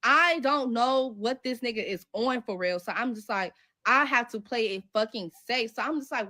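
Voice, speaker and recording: A woman tells a story about her own life, swearing freely and jumping into the voices of the people she quotes. Her tone is bright and a little high. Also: a little fast. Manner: animated, profane, acts out quoted dialogue. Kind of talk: casual storytelling.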